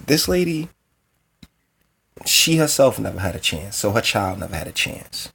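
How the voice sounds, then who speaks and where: Man, host, blunt exasperated commentary, fairly low voice. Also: big pitch swings, moderate pace, creaky, fairly bright tone, slight background noise. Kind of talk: reacting to news clips and reading an article.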